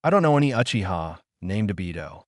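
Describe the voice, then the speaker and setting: A man's voice: fairly low pitch, big pitch swings, brisk, no room sound, studio quality. A man voicing a serious teenage boy ninja who lectures bluntly, in a storybook reading. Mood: stern.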